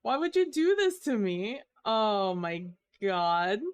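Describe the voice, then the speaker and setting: A woman streamer chatting casually to her audience, complaining dramatically with drawn-out groans and exasperated sighs. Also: mid-range voice, big pitch swings, clear, resonant tone. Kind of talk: casual live-stream chat.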